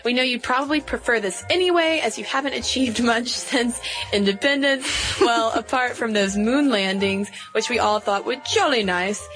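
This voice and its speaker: A woman's voice: on the high side, normal speed, a bit bright, soft background music, pitched above the performer's own voice, natural voice. A woman putting on a cheeky English gent. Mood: teasing. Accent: English, put on. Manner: playful, mock-pompous. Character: cheeky English man teasing by email.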